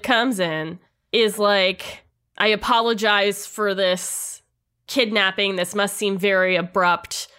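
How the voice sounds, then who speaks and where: A woman's voice: mid-range voice, pushed and bright, clean tone. A woman co-hosting a podcast in casual chat, laughing often and steering the discussion. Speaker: podcast co-host.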